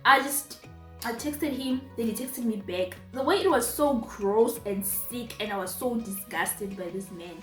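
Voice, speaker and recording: A young Zimbabwean woman telling a storytime vlog casually, with animated, emphatic repetitions. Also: fairly high pitch, measured pace. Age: young adult. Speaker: vlogger. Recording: roomy echo, faint music.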